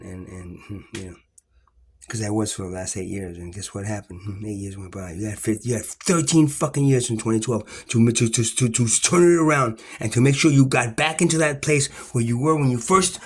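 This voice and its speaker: A man ranting in an agitated, rambling, profane monologue to camera, full of restarts. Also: fairly low pitch.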